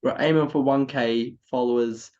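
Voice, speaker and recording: A man's voice: mid-range voice, steady tone, normal speed, a little mellow. Tipsy Australian man co-hosting a footy podcast, gushing and giggly, slightly muffled lo-fi recording. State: tipsy from beer. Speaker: podcast co-host. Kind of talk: casual football podcast chat.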